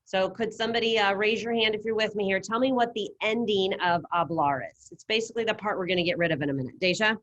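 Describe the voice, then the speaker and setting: A woman's voice: medium pitch, quick pace, hardly any pauses, a bit bright, muffled recording. A woman teaching a Spanish class over a video call, patient and encouraging as she explains step by step. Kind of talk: online class lesson. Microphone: computer mic on video call.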